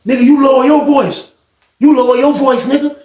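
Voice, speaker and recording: A man voicing a loud, defensive young male inmate who swears and repeats himself. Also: high-pitched, fairly even intonation, a little fast, echoey room, distant mic, voice pushed up. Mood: shouting.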